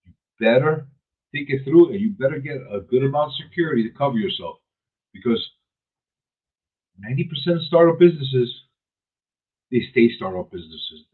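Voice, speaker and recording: Radio host, male, husky voice on a tinny phone-like line, opinionated and emphatic. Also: medium pitch, animated, moderate pace, long pauses. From New York City. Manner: emphatic, repetitive, restarts mid-sentence. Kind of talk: opinionated talk radio monologue.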